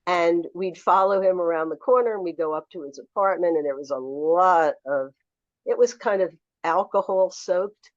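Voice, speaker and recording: A woman in her seventies, a memoir author telling lively anecdotes as a guest in a podcast interview. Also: on the low side, moderate pace, no room sound, lo-fi sound. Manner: animated anecdotal storyteller.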